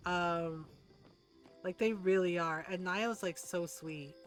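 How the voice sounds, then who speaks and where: A woman's voice: lowish voice, takes it slowly. Chatty woman streamer, faint music behind. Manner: chatty, rambling, lots of "like" and giggling retellings. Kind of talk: casual gameplay chat.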